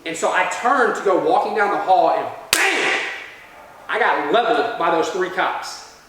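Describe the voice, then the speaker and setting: A man with a fairly high voice gives a motivational talk to students. He tells a story and keeps checking in with "all right?" The sound comes from a distant mic in a strongly echoing hall. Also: moderate pace, noisy background. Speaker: motivational speaker. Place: large university lecture room. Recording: echoey hall from far off.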